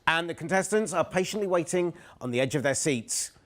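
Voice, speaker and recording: A man's voice: a little high, animated, brisk, a bit bright. A man hosting a comedy game show in an upbeat, playful manner. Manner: playful, upbeat presenter patter.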